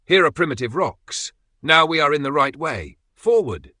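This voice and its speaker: A man's voice: on the low side, expressive, normal speed, pushed and bright, dry recording, studio quality. A man reading an audiobook, voicing a stubborn, domineering old male professor who speaks in a commanding, scornful way. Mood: excited. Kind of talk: audiobook character voice.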